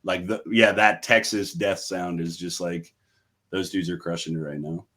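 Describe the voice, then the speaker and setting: A young man with a lowish voice chats as a podcast guest. He is laid-back and swears freely, and he acts out other people's lines as he tells his road stories. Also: steady tone, normal speed, sharp tone. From United States. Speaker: guest, metal band frontman. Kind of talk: casual storytelling chat.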